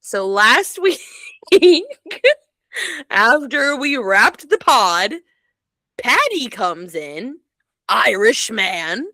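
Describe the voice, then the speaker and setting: A woman's voice: a little high, big pitch swings, extremely slow, pauses often, bright, forceful tone, no echo. A woman co-hosting a podcast, telling a story in casual chat with bursts of laughter. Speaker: podcast co-host.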